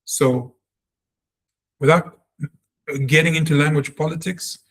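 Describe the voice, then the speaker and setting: Slow, earnest man teaching a lesson. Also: on the high side, steady tone, fairly bright tone. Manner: earnest, reflective, demonstrates sounds by repeating them. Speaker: Hebrew teacher. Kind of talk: spoken language lesson.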